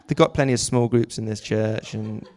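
Lively male preacher telling a story. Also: on the low side, normal speed. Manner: lively, breaks off a story for jokey asides. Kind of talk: sermon with storytelling.

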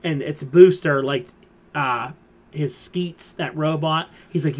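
In casual conversation on his pop culture podcast, a man recaps comic plots, rambling and filling pauses with "uh" and "like." His pitch is fairly high and his pace moderate.

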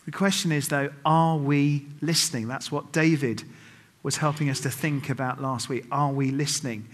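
Medium in pitch, steady in tone and moderate in pace, a middle-aged man preaches at a church service. He weaves humorous stories with acted-out quotes and self-mocking remarks aimed at the congregation.

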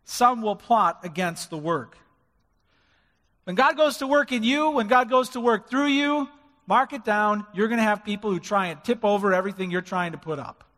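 A male pastor delivers a sermon in a church sanctuary, pushing his points with rising emphasis. His voice sits high for a man. The sound carries a long hall reverb. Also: fairly quick, a bit bright. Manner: preaching with rising emphasis and acted-out quotes.

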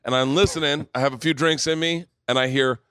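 A middle-aged man hosting a live podcast, rambling loudly through stories, swearing and laughing. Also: fairly high pitch, steady tone, brisk, smooth, no echo, studio quality. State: tipsy. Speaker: podcast host. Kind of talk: live podcast comedy storytelling. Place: brewery stage before a live audience.

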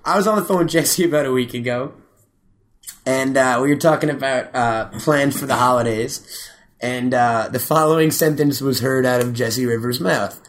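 A man's voice: mid-range voice, normal speed. A man hosting a podcast, chatting casually with a crude, joking, rambling manner. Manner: profane, joking, rambling with restarts. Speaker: podcast host.

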